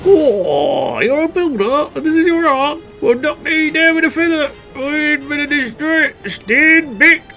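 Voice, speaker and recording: Man putting on a squeaky gargoyle monster, high and shrill, brash, indignant, game dialogue read aloud. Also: lively intonation, unhurried, vocal fry, few pauses, bright, forceful tone, faint music behind, exaggerated voice. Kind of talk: reading game dialogue in voices.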